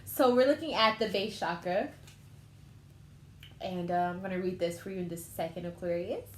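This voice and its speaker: A woman's voice: on the low side, moderate pace. A young woman giving a casual, emotional tarot reading and thinking aloud as she goes. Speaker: tarot reader. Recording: echoey room with faint ambience.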